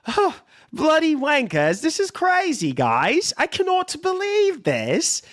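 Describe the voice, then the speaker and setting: A man's voice: very high-pitched, wildly swooping pitch, a bit bright, heavily acted. A man putting on a hammy fake-British newsreader. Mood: mock-outraged. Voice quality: exaggerated fake British accent. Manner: hammy, drawn-out mock-serious reading.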